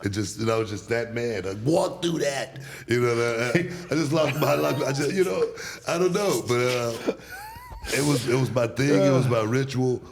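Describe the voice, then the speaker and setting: A middle-aged man from Texas, a podcast guest, telling stories animatedly with restarts and loud laughs. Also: medium pitch, normal speed, a crowd in the background. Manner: animated, repeats words and restarts, laughs loudly. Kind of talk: casual storytelling.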